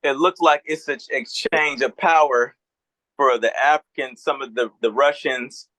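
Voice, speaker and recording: A man with a bright, forceful tone talks through his view on the panel, stopping to think as he goes. His voice sounds close and dry. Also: mid-range voice, fairly even intonation, unhurried, no room sound, low-quality recording. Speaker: panel guest. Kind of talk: casual online panel chat.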